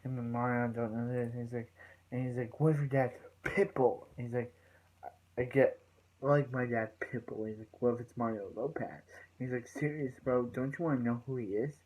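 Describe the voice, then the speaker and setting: A man's voice: mid-range voice, fairly even intonation, moderate pace, darkish tone, poor audio. A man giving a loose, rambling recap of a TV episode as a reviewer, with lots of "so yeah" fillers as he paraphrases what the characters say. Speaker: TV show reviewer.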